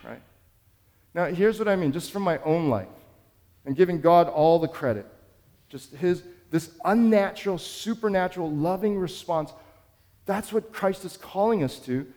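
A man's voice: high-pitched, animated, moderate pace, a little mellow, in a large hall. A man preaching a sermon as pastor, telling a story in an earnest, conversational way.

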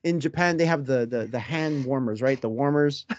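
A man hosting a podcast interview in casual chat, animated, laughing often and acting out quotes. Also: mid-range voice, moderate pace, highs cut off. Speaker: podcast host.

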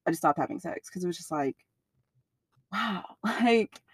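A young woman in an interview, telling a personal story in a blunt, profane, animated way. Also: lowish voice, normal speed, slightly rough, no echo, studio quality.

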